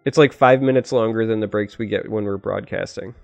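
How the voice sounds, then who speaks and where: A man's voice: lowish voice, a little fast, vocal fry, soft background music. A man co-hosting a casual podcast, teasing his guests with dry humor. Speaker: podcast co-host.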